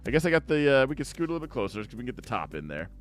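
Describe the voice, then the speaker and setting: A young man chatting casually to viewers as he opens card packs, rambling along and now and then breaking into excited outbursts. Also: medium pitch, rapid-fire, soft background music. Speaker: card-opening YouTuber. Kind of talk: casual pack-opening chat to viewers.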